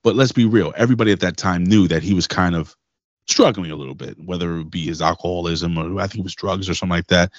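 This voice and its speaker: A lower-voiced man chatting casually on a podcast, swearing freely and rambling through his stories. The sound is dry with no room to it, and slightly muffled. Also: fast talker, dry recording. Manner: loose, profane, rambling storyteller. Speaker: podcast co-host. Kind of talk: casual wrestling podcast chat.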